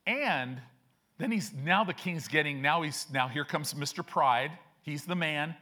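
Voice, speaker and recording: In a church sanctuary, a male pastor preaches in a conversational, slangy style, changing his voice to play the characters he quotes. His voice is on the high side, expressive and sharp, at a moderate pace.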